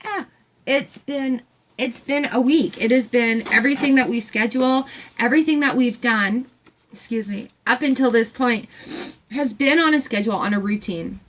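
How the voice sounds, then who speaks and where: Chatty excited woman vlogging. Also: a little high, moderate pace, slight background noise. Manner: excited, rambling, filler-heavy. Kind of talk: casual gratitude vlog.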